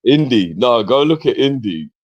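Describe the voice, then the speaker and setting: A man's voice: mid-range voice, moderate pace, dry recording, lo-fi sound. A man co-hosting a casual football live stream, telling stories with slang. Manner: relaxed storytelling banter with slang.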